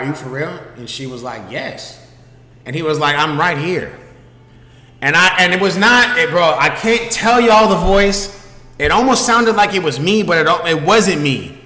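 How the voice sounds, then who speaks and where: A man's voice: a little high, lively intonation, moderate pace, bright, forceful tone. A man hosting his own stream, telling a story casually and animatedly, swearing freely and often checking that the listener is following. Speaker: streamer host. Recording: echoey room with long reverb.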